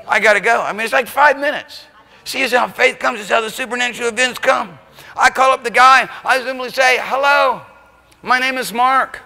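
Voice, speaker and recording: A man preaching a church sermon, telling a story and building to shouted climaxes. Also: very high voice, normal speed, vocal fry. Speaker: pastor. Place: church sanctuary. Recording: church hall reverb.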